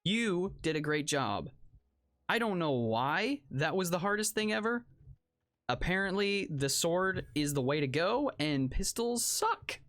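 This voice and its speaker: A let's play host giving casual gameplay commentary, reacting aloud to the action with excitable outbursts and self-mocking asides to viewers. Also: medium pitch, a little slow.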